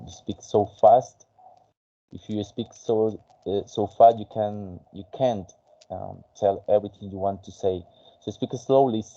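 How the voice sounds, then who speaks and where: A man whose first language is Spanish, teaching an English conversation class in a halting way with many fillers. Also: lowish voice, dark tone, dull audio.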